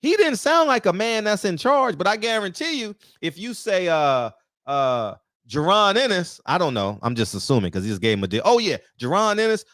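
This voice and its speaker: A man's voice: high voice, very animated, moderate pace, a bit bright, no room sound, clean studio sound. A man hosting a commentary show, ranting heatedly and firing off rhetorical questions. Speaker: boxing commentary host.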